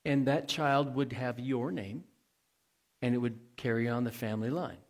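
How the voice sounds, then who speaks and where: A man's voice: medium pitch, fairly even intonation, moderate pace. A male pastor preaching a sermon in a conversational way, asking the congregation questions and adding folksy asides.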